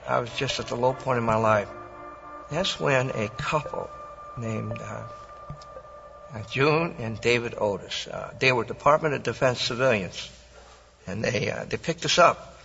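A man telling his faith testimony in a halting way, with many fillers. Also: mid-range voice, creaky. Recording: reverberant, lo-fi, with background music.

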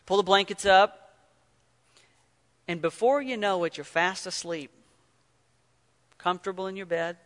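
A man preaching an earnest sermon, telling stories and swinging from loud emphasis to near-whisper. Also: sits high, unhurried, pauses often, in a large hall. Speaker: pastor.

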